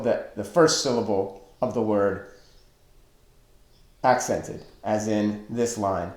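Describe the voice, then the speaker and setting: A man teaching a webinar lecture on poetry, deliberately counting out stressed and unstressed syllables. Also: lowish voice, a little mellow, reverberant.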